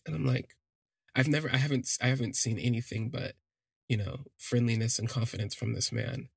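A man narrates his own story for a podcast, thoughtful and a little hesitant, circling back on his words as he goes. His voice sits at a middling pitch with a gravelly, husky grain. The sound is close and dry. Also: fairly quick, no room sound. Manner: reflective, hesitant, frequent restarts. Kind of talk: first-person storytelling podcast.

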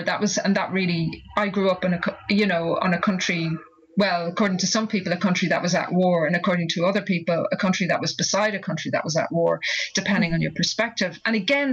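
A woman's voice: on the low side, slightly rough. An Irish woman in her fifties, an author being interviewed, talking thoughtfully and rambling with many restarts. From Ireland. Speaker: author guest. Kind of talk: casual interview conversation. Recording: dull lo-fi audio.

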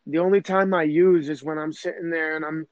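A man's voice: fairly high pitch, steady tone, brisk, no echo. A young man casually telling a personal story, rambling and emotional, full of fillers and restarts. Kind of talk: casual conversation. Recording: dull lo-fi sound.

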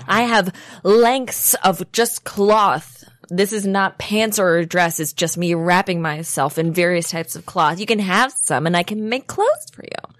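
A woman voicing an odd teen bandmate in a tabletop game, deadpan and rambling. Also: on the low side, unhurried, no echo, natural voice. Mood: earnest. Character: odd teen bandmate who dresses in cloth. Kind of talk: improvised tabletop role-play.

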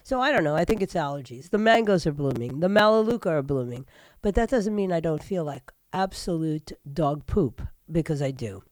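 A woman's voice: deep voice, expressive, moderate pace, darkish tone, no room sound. Older female talk host, nasal and congested, rambling chatty delivery, dry booth sound. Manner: rambling, chatty monologue with frequent fillers. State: sick with a stuffy nose. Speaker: radio talk show host. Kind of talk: casual talk radio monologue.

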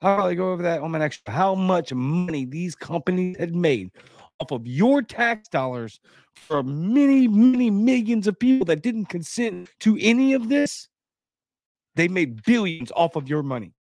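A man hosting his own political talk show, ranting in a heated, sarcastic and blunt way, his pitch jumping up when he gets outraged. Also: a little mellow, no room sound. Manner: blunt, insulting. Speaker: host of a political commentary show. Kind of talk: ranting commentary.

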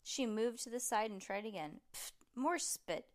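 A woman reading a children's book aloud, her pitch swinging widely and playfully from line to line. She puts on voices for the characters as she reads. Now and then she trips over a word and goes back. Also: normal speed. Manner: lively, animated reading with voiced characters and frequent slips. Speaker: storybook reader.

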